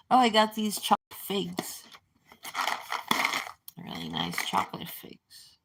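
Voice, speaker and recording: A woman's voice: lowish voice, huge pitch swings, measured pace, vocal fry, pauses often, a bit bright, slightly rough. A woman in her forties talking to camera in a casual, meandering way, reminiscing with many fillers and restarts. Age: 40s. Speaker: vlogger. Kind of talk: casual rambling monologue.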